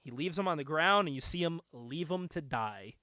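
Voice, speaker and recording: A young man hosting a podcast, casually recapping a comic book, animated and laughing often. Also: a little high, normal speed, no echo, clean studio sound. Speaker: podcast host.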